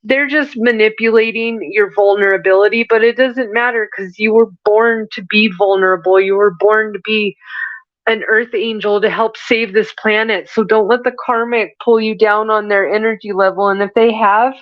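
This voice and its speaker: A woman delivers a spiritual reading to her listeners in an earnest, preachy way, often circling back and restarting her sentences. Her voice sits at an ordinary middle pitch. The sound is dry and a little muffled. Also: steady tone, normal speed, no echo. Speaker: spiritual reader and podcast host. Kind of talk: channeled spiritual message monologue.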